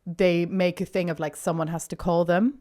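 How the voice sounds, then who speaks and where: A woman's voice: fairly low pitch, moderate pace. Woman in her 30s chatting on a podcast, acts out every quote, lots of laughing. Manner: animated storytelling, acting out quotes, laughing. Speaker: podcast co-host. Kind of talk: casual chat.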